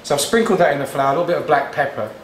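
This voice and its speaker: A man's voice: a little high, very fast, a little hiss or hum. A man, casually talking through a home cooking demonstration in a chatty, rambling way. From England. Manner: chatty, rambling, with frequent restarts. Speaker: home cook host. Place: home kitchen. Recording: echoey kitchen, distant mic, frying sizzle.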